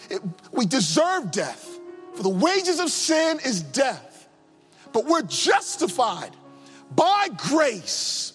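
A man delivers an impassioned sermon in a strikingly high, lively voice that swings up and down. He repeats his phrases for emphasis. His voice rings with a long reverb through a church sanctuary, with faint music underneath. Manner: impassioned, repetitive, rising and falling emphasis. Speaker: preacher.

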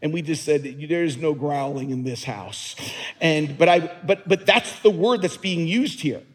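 A male pastor delivers a sermon, earnest and emphatic, doubling back on words as he drives each point home. His voice sits high and carries a husky edge. A long reverb from a large hall trails his words. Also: a little slow.

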